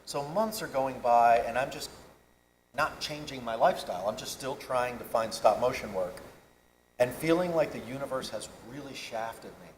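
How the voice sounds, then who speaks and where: A man's voice: mid-range voice, normal speed, a little hiss or hum. A man in his fifties, a convention panel guest, telling long digressive anecdotes on stage. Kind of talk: storytelling on stage. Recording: roomy hall, faint ambience.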